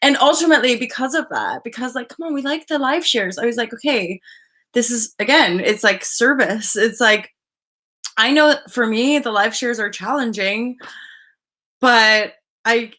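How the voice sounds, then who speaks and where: A woman's voice: on the high side, moderate pace, pushed and bright. A woman hosting a live stream, chatting casually in a rambling way and greeting viewers by name.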